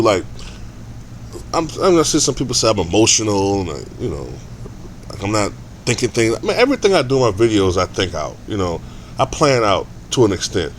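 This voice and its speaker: A man's voice: fairly low pitch, slight background noise. A man ranting casually in a vlog, profane and rambling, with stammered restarts. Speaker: sports vlogger.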